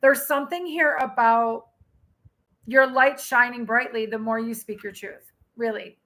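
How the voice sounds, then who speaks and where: High, bright-voiced chatty woman tarot reader. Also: measured pace. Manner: chatty and animated, reads out and answers viewer comments. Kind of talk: live-streamed tarot reading, chatting with viewers.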